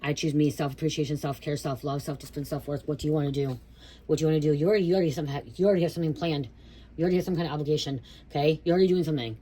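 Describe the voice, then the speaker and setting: A woman's voice: low-pitched, racing, dark tone, husky. A woman in her thirties giving a casual spiritual reading, blunt and profane, who keeps checking in with "okay?". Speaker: tarot reader.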